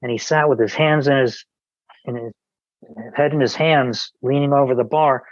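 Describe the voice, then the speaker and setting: A man's voice: mid-range voice, moderate pace, dry recording, dull audio. Rambling man telling a story. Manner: rambling, with frequent restarts and quoted dialogue. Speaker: podcast guest, author. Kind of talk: casual conversational storytelling.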